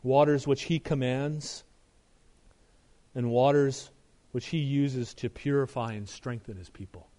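A middle-aged male pastor preaching a sermon, emphatic, asking rhetorical questions and dropping to a soft, earnest tone. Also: medium pitch, fairly even intonation, a little slow, long pauses.

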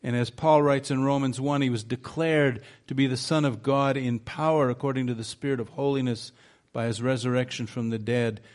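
A man's voice: mid-range voice, steady tone, moderate pace, darkish tone. A man preaching an earnest sermon, asking his listeners rhetorical questions. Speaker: pastor.

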